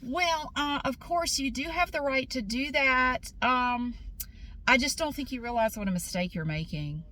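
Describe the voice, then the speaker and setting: A woman's voice: high-pitched, unhurried, bright, forceful tone, voice pushed up. A woman puts on a pushy saleswoman with a sugary, patronizing tone, lifting her voice well above her own. The saleswoman talks down to the listener with fake concern. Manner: falsely sweet, patronizing. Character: pushy, condescending female timeshare sales manager.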